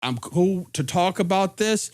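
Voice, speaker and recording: Earnest man, higher-pitched, talking it through. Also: a little slow. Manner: earnest, reflective, lively swings in pitch when emphatic. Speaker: podcast host. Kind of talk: casual chat.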